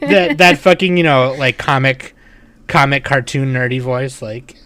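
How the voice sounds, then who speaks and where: A man's voice: mid-range voice, unhurried, bright, forceful tone, dry recording. A man co-hosting a casual podcast chat, teasing his friend and swearing casually. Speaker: podcast co-host.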